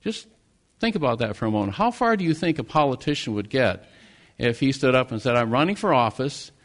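A man's voice: medium pitch, sing-song, fairly quick. A man from the United States preaching a sermon, earnest, with rising and falling emphasis. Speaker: pastor.

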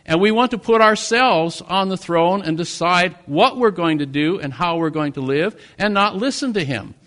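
Earnest American preacher man, higher voice. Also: a bit bright. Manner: earnest preaching, rising and falling emphasis. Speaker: pastor. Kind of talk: sermon.

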